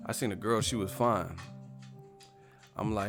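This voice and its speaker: A man's voice: on the low side, unhurried, soft background music. A man in his thirties, hosting a live stream, chats loosely and profanely, rambling and laughing as he reacts to viewer comments. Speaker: boxing stream host. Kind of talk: casual live-stream chat reading comments.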